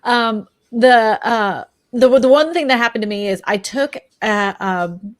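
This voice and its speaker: A woman's voice: a little high, a little slow, no room sound. A woman in her thirties co-hosting a casual chat, telling stories and acting out what people said. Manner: animated storyteller, acts out quotes. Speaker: real estate agent, co-host.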